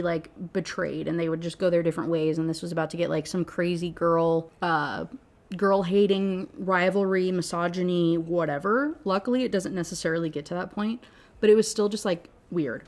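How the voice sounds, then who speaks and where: A woman giving an animated, sarcastic rant review of a novel, swearing freely as she goes. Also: fairly low pitch. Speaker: book reviewer. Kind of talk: ranting book review.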